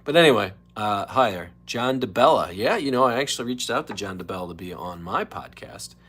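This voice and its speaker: A man hosting his own livestream podcast, rambling casually between topics and slipping into quick impressions. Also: fairly low pitch, expressive, fairly bright tone, slightly rough. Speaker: podcast host. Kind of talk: casual solo livestream chat.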